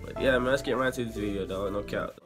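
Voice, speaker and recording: Slangy young man reacting over music. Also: quick pace. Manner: slangy, animated, swings loud and high when outraged. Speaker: YouTuber. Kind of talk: casual reaction video commentary. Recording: music playing behind.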